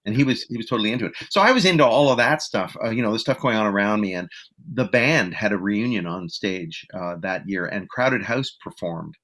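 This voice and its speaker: A man's voice: lowish voice, fairly quick, fairly bright tone. A man being interviewed as a musician, telling stories in a casual, rambling way with many fillers, restarts and self-deprecating asides.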